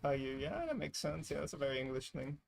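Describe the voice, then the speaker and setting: A man's voice: a little high, sing-song, fast, gravelly. A man chatting casually on a livestream, teasing his co-host and laughing often. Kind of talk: casual chat.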